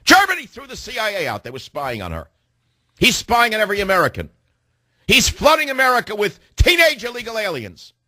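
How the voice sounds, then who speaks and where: A man's voice: high-pitched, wildly swooping pitch, brisk, sharp tone, no echo, clean studio sound. Ranting male talk radio host. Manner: ranting, hectoring, rhetorical questions to listeners. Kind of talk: combative political talk radio monologue.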